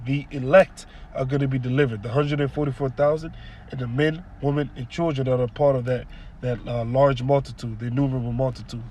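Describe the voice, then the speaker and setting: A man's voice: medium pitch, a little fast, darkish tone. A man preaching, reading verses aloud and then explaining them line by line with strong emphasis. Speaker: scripture teacher.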